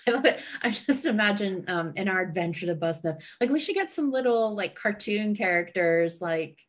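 Young female co-host, chatty and giggly, rambling delivery, average pitch. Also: expressive, moderate pace. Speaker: podcast co-host. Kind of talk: casual chat.

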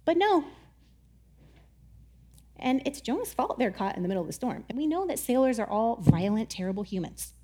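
Brief: casual woman Bible teacher, high voice, lively storyteller who acts out quotes. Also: normal speed, long pauses, breathy edge. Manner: chatty, animated, says "like" often and acts out quotes.

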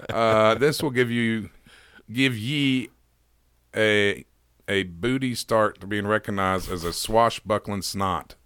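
Low-voiced man reading a word game aloud. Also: a little slow, fairly bright tone, clear, resonant tone, dry recording. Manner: laughs at his own readings. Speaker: podcast co-host.

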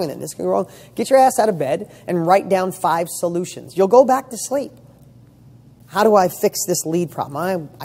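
In a high-pitched, mellow voice, a man gives a motivational talk as a coach for real estate students. He is emphatic, firing off rhetorical questions and swearing casually.

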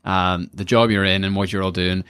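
A young man from Northern Ireland with a Northern Irish accent, hosting a podcast in casual chat, animated and quick to laugh. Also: low-pitched, clear, resonant tone, no echo. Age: young adult. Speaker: podcast host.

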